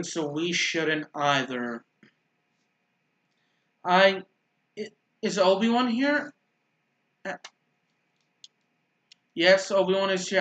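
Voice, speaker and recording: Man, gaming commentary, rambling, stutters, corrects himself, slightly high voice, echoey room. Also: pushed and bright. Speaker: gaming YouTuber. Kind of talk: casual gameplay commentary. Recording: roomy echo.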